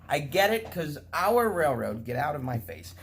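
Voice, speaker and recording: Rambling American man, lively pitch. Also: moderate pace, creaky, husky. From United States. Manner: rambling, chatty, laughs often. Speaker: model train hobbyist. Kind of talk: casual chat while working.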